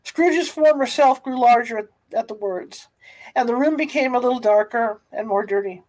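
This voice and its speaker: A woman reading a classic novel aloud, unhurried, with small stumbles and restarts. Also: on the high side, darkish tone, low-quality recording. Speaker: reader.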